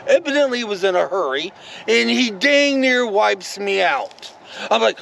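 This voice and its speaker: A man's voice: high voice, expressive, normal speed, gravelly, a bit bright, a little hiss or hum, poor audio. A man vlogging casually, telling a rambling story with many asides to his viewers.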